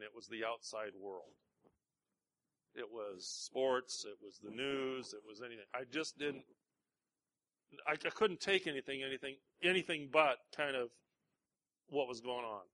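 Man, pastor, bright tone, story sermon, self-deprecating, conversational. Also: medium pitch.

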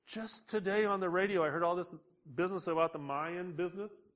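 A man preaching a sermon, slow and deliberate, building emphasis on key words. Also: high voice, fairly bright tone. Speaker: pastor.

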